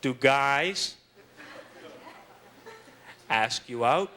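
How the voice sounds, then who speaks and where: Speaking extremely slowly in a mid-range voice with lively intonation, a middle-aged comedian hosts stand-up and does sarcastic, teasing crowd work at a club. The audience's laughter comes through loud in the live recording.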